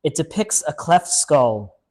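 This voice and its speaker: A board game channel host plays through a casual solo game, chatting upbeat as he thinks aloud and reads the story text. His voice is a little high and darkish in tone, with big pitch swings, and he takes it slowly.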